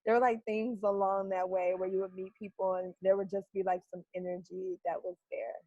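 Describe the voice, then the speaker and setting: A woman's voice: medium pitch, flat delivery, brisk, dark tone, dry recording, highs cut off. A woman from Canada, a guest on an interview, telling stories chattily with lots of "like" and laughter. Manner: chatty, laughs often, uses "like" a lot. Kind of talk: casual storytelling.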